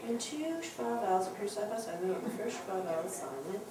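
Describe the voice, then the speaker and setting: A woman's voice: mid-range voice, big pitch swings, brisk, a crowd in the background. A woman teaching a Hebrew reading class, upbeat and laughing often. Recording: echoey classroom from far off. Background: class of adult learners.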